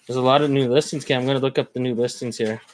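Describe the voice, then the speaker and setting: A man's voice: medium pitch, steady tone, racing. A man rambling in casual live-stream chat, thinking aloud as he browses card listings. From Canada.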